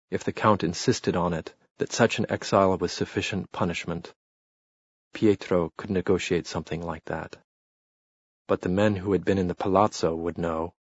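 A man narrating a novel in a measured, steady reading. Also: sits low, slightly rough, no room sound, dull audio. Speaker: audiobook narrator. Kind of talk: scripted narration.

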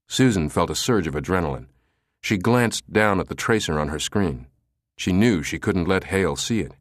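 A male narrator reads a thriller audiobook in a very low, deep voice. His pitch rises and falls with the story. The recording is dry and close to the mic. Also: expressive, moderate pace, no echo. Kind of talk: scripted narration of a thriller novel.

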